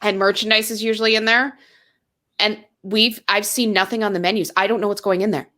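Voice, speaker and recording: A woman co-hosting a casual podcast chat, talking in quick, chatty asides. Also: medium pitch, fairly even intonation, pushed and bright. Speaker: podcast co-host.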